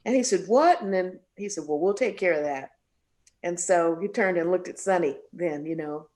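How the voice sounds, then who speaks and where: A woman jazz singer being interviewed, telling a story with lots of voices for the people in it. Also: moderate pace. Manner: animated storyteller, acts out quoted voices with big pitch jumps.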